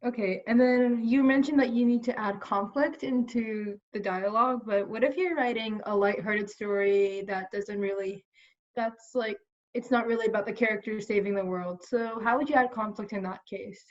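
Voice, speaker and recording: A woman's voice: a little high, fairly even intonation, normal speed, dull audio. A young woman student politely asking her teacher questions in a class, a bit hesitant. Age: young adult.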